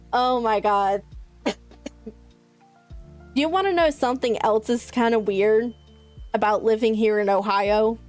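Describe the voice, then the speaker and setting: A young woman from South Carolina with a Southern accent, chatting to her stream chat in a rambling way. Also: on the high side. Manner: chatty, rambling, many likes. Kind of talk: casual chat with live chat.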